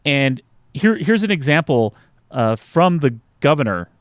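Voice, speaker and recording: A man's voice: a little high, very animated, a little slow, no room sound, studio quality. A man hosting a political podcast, earnest and urgent as he builds his case. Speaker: podcast host.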